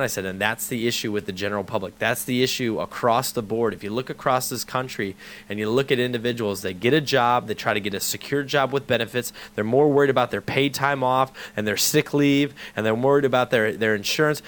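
On his radio show, this male host recounts a conversation, playing both parties himself, then pushes a sponsor's deal. The pace is quick and lively, with a pressing, salesy urgency.

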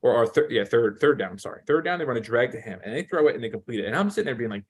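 A man co-hosting a casual sports betting podcast, animated and profane as he rants about play-calling. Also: medium pitch, very fast, breathy edge.

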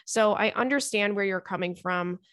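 A woman's voice: medium pitch, normal speed, fairly bright tone, no room sound. A woman hosting an advice podcast, reading a listener's letter aloud and then answering it in a chatty, earnest way with many fillers. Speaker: podcast host giving advice.

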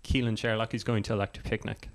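Chatty Irish podcast host. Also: male voice, lowish voice, flat delivery, quick pace. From Ireland. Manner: self-deprecating, laughs often, jokey. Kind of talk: casual podcast chat.

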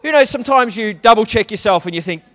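A man preaches in a chatty, conversational way, with frequent restarts and questions tossed to the congregation. His voice sits high for a man. A long reverb from the church hall trails behind every phrase. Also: expressive, fast talker, a bit bright. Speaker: pastor. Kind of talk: sermon.

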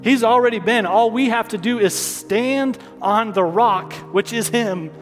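High-voiced pastor preaching in a hall. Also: male voice, unhurried. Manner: call-and-response preaching, repeats lines for emphasis. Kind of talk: sermon. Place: church hall. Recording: long hall reverb, soft music behind.

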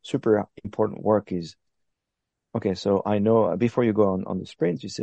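Man, low gravelly voice, dark and mellow tone, dry close sound, reflective interview guest, restarts often. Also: fairly even intonation, a little fast, no room sound, lo-fi sound. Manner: thoughtful, explains step by step with frequent restarts. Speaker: podcast guest, long-distance paddler.

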